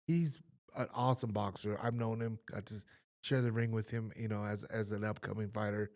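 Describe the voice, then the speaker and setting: A man's voice: fairly low pitch, fairly even intonation, moderate pace. A man, a host and former boxer, chatting casually with frequent affirmations and fillers. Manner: warm affirming, frequent "yeah" and "you know". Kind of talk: casual interview chat.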